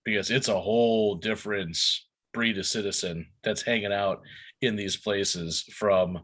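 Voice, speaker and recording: A man's voice: on the low side, steady tone, a little slow, husky. A man co-hosting a podcast, chatting casually and riffing on the other host's stories. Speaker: podcast co-host. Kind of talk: casual chat.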